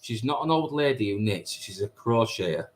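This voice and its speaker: Chatty teasing man, low voice. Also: animated, normal speed. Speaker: live stream host reading chat. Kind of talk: casual chat with viewers.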